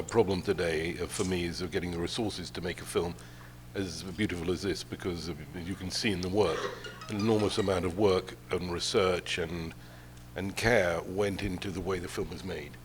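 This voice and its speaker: An older male film producer at a festival panel, speaking in a halting, measured way with many fillers. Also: deep voice, fairly even intonation, background noise. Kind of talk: panel discussion answers.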